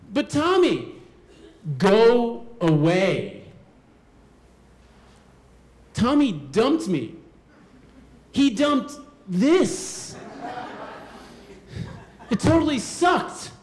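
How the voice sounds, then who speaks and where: A man telling a personal story on stage, animated and acting out the voices of the people in it. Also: high-pitched. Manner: animated, acts out quoted voices. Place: live storytelling show venue. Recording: roomy hall sound.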